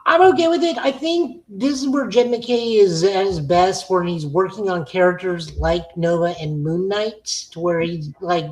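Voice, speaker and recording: A woman's voice: lowish voice, normal speed, few pauses, rough recording. Blunt, opinionated woman podcast co-host. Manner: opinionated, blunt, frequent fillers. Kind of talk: casual comic-book review chat.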